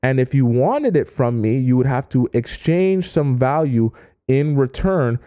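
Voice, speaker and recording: A man coaching his viewers on dating in a relaxed, conversational way, stressing his points and checking in with "okay?" as he goes. His voice has a warm, mellow tone. The recording is dry and close. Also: mid-range voice, a little slow, clear, resonant tone, dry recording. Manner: emphatic, keeps checking in with "okay?" and "right?". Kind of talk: casual advice talk to an online audience.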